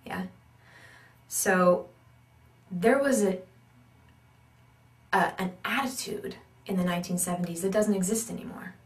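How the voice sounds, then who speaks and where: Animated woman coaching on accents. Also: mid-range voice, unhurried, long pauses, far from the mic. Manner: animated, emphatic, repeats key points. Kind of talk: instructional talk. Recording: roomy echo, speaker off-mic.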